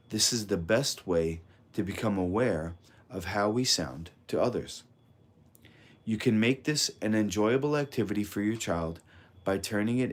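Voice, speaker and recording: Guy with a lowish voice reading a parenting audiobook, calm and measured, kind of instructive. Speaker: audiobook narrator. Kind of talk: scripted audiobook narration.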